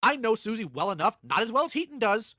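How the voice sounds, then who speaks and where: A man's voice: sits high, very animated, quick pace, bright, forceful tone, no echo. A man in a voice-call role-play, sternly lecturing and calling someone out.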